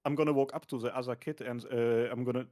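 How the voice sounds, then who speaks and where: A man's voice: medium pitch, fairly even intonation, fast, darkish tone. A man taking part as a player in a tabletop game, thinking aloud and hesitating as he decides what his character does.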